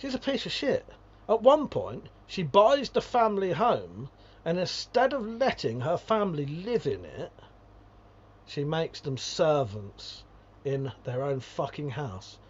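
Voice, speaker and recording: British man, livestream host, fairly high voice, profane ranting, slightly muffled lo-fi audio. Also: very animated, unhurried, breathy edge. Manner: profane, ranting, laughs often. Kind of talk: casual livestream chat, reading viewer comments.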